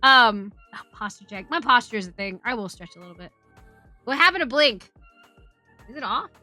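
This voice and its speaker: A woman's voice: on the high side, expressive, normal speed, sharp tone, dry recording, soft background music. A woman streamer chatting casually, telling a rambling, profane story and laughing as she greets her chat. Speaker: Twitch streamer.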